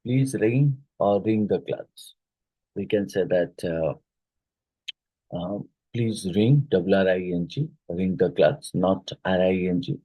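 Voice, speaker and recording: A man with an Odia-influenced Indian English accent teaching a phonetics exam-prep lesson, explaining slowly, spelling words letter by letter and using many fillers. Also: low-pitched, dark tone, breathy edge, no echo, muffled recording.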